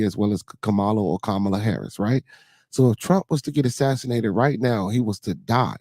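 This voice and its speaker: A man's voice: mid-range voice, mellow, no room sound. A man hosting a casual livestream chat, talking in a loose, rambling way with many fillers and a Chicago accent. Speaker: podcast host.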